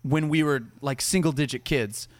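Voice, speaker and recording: A man's voice: on the high side, moderate pace. A man, a military veteran, telling stories as a podcast guest in casual, profane chat and slipping into voices. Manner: profane, animated, slips into voices.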